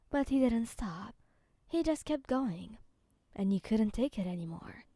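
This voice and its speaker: A woman calmly narrates a second-person fan story in a soft, even reading voice. Her voice is fairly high with a dark, mellow tone. The sound is close and dry. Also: measured pace, breathy edge, dry recording.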